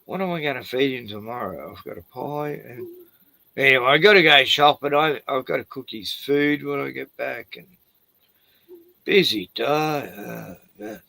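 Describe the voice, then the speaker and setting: A man's voice: medium pitch, expressive, normal speed, creaky, pushed and bright, dry recording. A man chatting casually on a home stream, crude and joking, swearing freely. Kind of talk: casual chat. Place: home at night, door open to yard.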